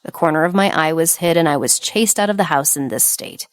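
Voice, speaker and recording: A woman reading the part of a calm, devoted young man who speaks in a subdued way. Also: low voice, fairly quick, dry recording, studio quality. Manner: quiet, subdued.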